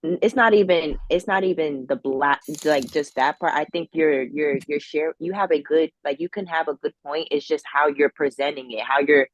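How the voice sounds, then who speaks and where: A woman with a notably low voice speaks on a live debate panel. Her sound is dry and close, with no room around it. She pauses often with fillers and restarts while she makes her point. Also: dry recording. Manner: hesitant, many fillers and restarts when objecting. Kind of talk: casual debate.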